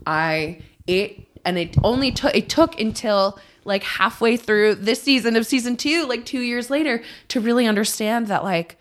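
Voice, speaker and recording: A woman's voice: fairly high pitch, moderate pace, hardly any pauses. A woman in her thirties, a podcast guest talking candidly and rambling, swearing freely and poking fun at herself. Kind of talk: candid casual chat.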